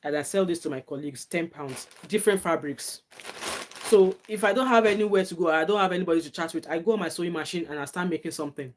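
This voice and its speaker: A woman's voice: lowish voice, fast talker. A middle-aged woman with a Nigerian accent, chatting casually on a live stream, answering viewer comments and giving earnest advice. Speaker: live-stream host, nurse.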